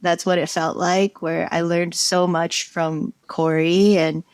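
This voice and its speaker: A woman chats as a podcast guest in a soft-spoken, slightly hesitant way, with fillers. Her voice sits a little low and she talks very slowly. The sound is close and dry. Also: flat delivery, clean tone, dry recording. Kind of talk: casual chat.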